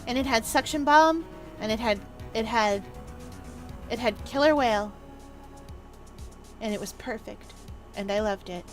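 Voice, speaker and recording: A woman's voice: sits high, a bit bright. A woman streamer chatting playfully and bubbly to her audience, with exaggerated outbursts. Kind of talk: casual live-stream chat.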